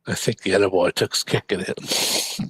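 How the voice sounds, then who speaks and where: A man's voice: low-pitched, steady tone, normal speed, a bit bright, breathy edge, no echo. A man listening on a live stream, chiming in with short reactions and laughs. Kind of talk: casual chat.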